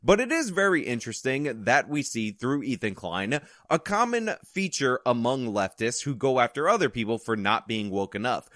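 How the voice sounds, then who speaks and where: A man's voice: mid-range voice, sing-song, normal speed, hardly any pauses, fairly bright tone, no room sound, clean studio sound. A man hosting an opinion commentary video, delivering it with sarcastic, mocking asides.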